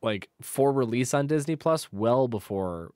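Lively, amused male podcast co-host. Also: medium pitch, a little slow, no echo, studio quality. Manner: amused, laughs often, reads titles aloud. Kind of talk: casual chat.

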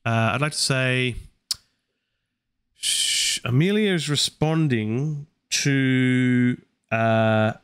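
Drawing out his words in a smooth, slightly bright, medium-pitched voice, a man streams his Latin study live. He works through translations out loud, second-guessing himself along the way.

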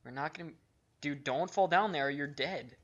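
A man commentating a video game with friends, giving orders to teammates and exclaiming loudly when things go wrong. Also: on the high side, normal speed, lo-fi sound. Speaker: gaming co-commentator.

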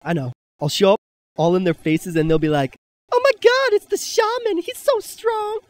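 A man's voice: high-pitched, fairly even intonation, normal speed, natural voice. A teenage boy playing a boastful teen superhero in an amateur comedy sketch, cocky and teasing. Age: late teens. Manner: cocky, teasing, squeals when mimicking girls.

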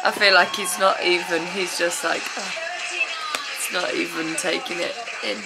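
Excitable gushing woman with a gravelly edge. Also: on the low side, moderate pace, low-quality recording. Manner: excitable, gushing, squeals and laughs. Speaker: dance vlogger reacting to a TV show. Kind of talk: casual reaction commentary. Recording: loud TV music behind the voice. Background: TV show music playing.

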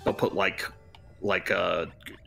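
A man's voice: low voice, level tone, slow, vocal fry, over music. A man co-hosting a game stream, chatting casually and hesitantly with lots of fillers. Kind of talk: casual chat over gameplay.

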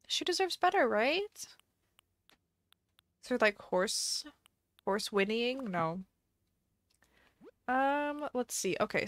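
A woman's voice: on the high side, a bit bright, no echo. A woman streamer chatting casually on a live game stream, thinking aloud and musing indecisively as she plays.

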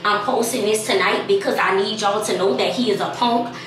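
A woman's voice: mid-range voice, fairly quick, a bit bright, slight background noise. Brash young woman in an echoey room. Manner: brash, rambling, hyped. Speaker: vlogger pranking her boyfriend. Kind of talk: casual prank vlog talk. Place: home room. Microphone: camera set up in the room. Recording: echoey room, far from the camera.

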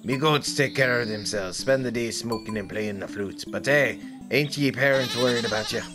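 A man voicing a rough-spoken male goatherd in a game, with a wobbly put-on accent somewhere between Irish and French. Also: medium pitch, moderate pace, over music, natural voice. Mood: gruff. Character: gruff rustic male goatherd, hard-drinking, blunt.

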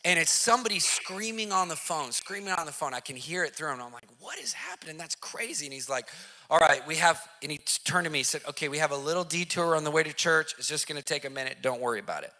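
A man's voice: on the high side, quick pace. A man preaching through a personal story in casual slang, acting out the voices of the people in it and repeating lines for emphasis. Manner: excited, acts out quoted voices, repeats phrases for emphasis; casual slang, addresses listeners directly. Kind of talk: animated testimony storytelling.

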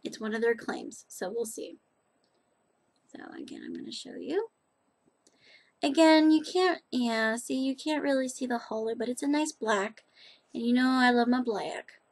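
A woman's voice: fairly high pitch, a little slow. Chatty woman reviewing nail polish. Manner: chatty, rambling, self-deprecating. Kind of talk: casual product review vlog.

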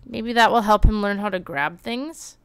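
Woman streamer, lively gameplay commentary, smooth resonant voice. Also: medium pitch, no room sound. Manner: animated, bursts of exclaiming and quick read-outs. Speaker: game streamer.

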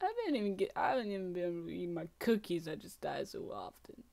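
A woman giving casual, excitable gameplay commentary, talking to herself and running herself down, swinging from muttering to shrieking. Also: on the low side, fast, gravelly. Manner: self-deprecating, talks to herself. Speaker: gaming channel host.

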